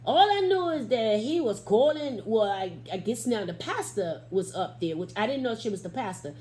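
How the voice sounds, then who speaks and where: Animated woman telling a church testimony. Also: fairly high pitch, normal speed. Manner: Southern Black church vernacular, expressive, acts out quotes. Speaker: interview guest telling her testimony.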